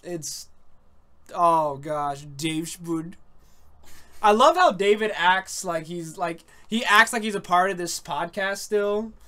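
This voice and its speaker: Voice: mid-range voice, takes it slowly, bright, forceful tone. Chill podcast host rambling about anime, laughs a lot, says dude a bunch. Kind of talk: casual chat about anime.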